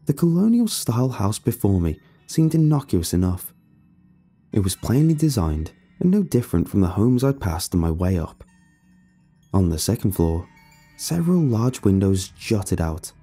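A man reads a scripted first-person horror story in a measured, storytelling delivery. His voice is low, dark and gravelly, yet his pitch moves a lot across phrases. Faint music plays underneath. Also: very animated. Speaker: narrator.

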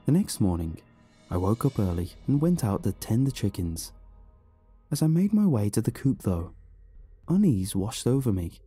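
Male storyteller, horror narration, dark mellow tone, lively pitch, soft music behind. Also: normal speed, husky, no echo. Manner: expressive, dramatic reading. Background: faint music.

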